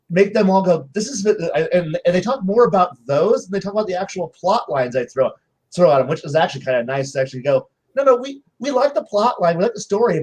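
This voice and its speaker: High-voiced man telling table stories. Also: slightly rough. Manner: animated anecdotes with many restarts and acted-out quotes. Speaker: game referee panelist. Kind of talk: casual panel chat, storytelling.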